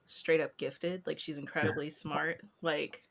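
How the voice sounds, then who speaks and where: A young woman co-hosting a casual podcast, telling a funny family story and acting out the quotes in a high, animated voice. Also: a little slow, vocal fry, a little hiss or hum. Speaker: podcast co-host.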